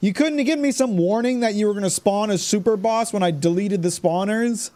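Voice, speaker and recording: A man's voice: high voice, a little fast, dark tone. A man hosting a gaming channel, giving exasperated, sarcastic let's-play commentary with a lot of swearing.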